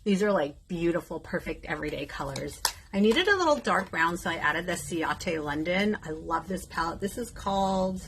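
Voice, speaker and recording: A woman's voice: on the low side, animated, moderate pace, background noise. A woman in her fifties talking candidly in a casual vlog while doing her makeup, chatting openly with plenty of fillers. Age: 50s. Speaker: beauty vlogger.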